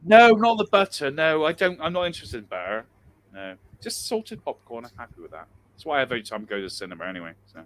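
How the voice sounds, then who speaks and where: A man's voice: medium pitch, big pitch swings, quick pace. Casual chat guest: man, mid voice, blunt and jokey, a little background hiss. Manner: blunt, jokey, swears freely. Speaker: chat participant.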